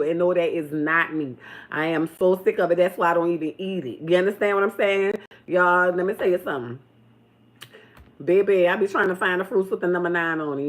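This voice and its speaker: Woman host, casual livestream commentary, loud swooping delivery. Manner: animated, swooping pitch, loud bursts.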